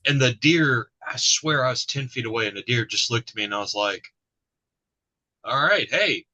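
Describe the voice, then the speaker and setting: A man from Alabama, chatting in a relaxed, plain-spoken way as the interviewer. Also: medium pitch, a little fast, poor audio. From Birmingham, Alabama. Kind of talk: casual chat.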